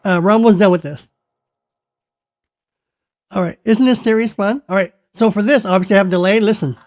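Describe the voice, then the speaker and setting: A man's voice: high voice, fairly even intonation, a little fast, darkish tone. A man talking casually through his guitar effects settings, playful and self-amused, chuckling between remarks. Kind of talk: casual tutorial talk. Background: electric guitar playing.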